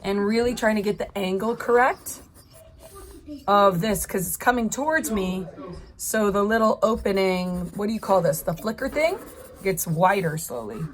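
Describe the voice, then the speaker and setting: During a live drawing tutorial, a woman teaching art narrates as she draws, offering her viewers step-by-step encouragement. She speaks at a moderate pace with a medium-pitched voice.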